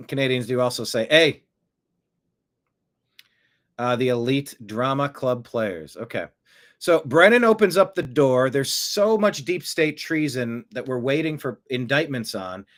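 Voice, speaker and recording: A man hosting casual political commentary, animated and jokey, reading out viewer comments. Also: mid-range voice, normal speed. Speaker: commentary host.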